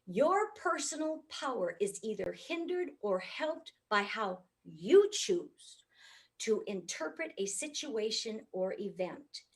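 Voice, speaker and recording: A middle-aged woman from the United States giving a comic, animated keynote talk. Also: fairly high pitch, slow. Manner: animated, comic, swoops up for punchlines. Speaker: motivational speaker.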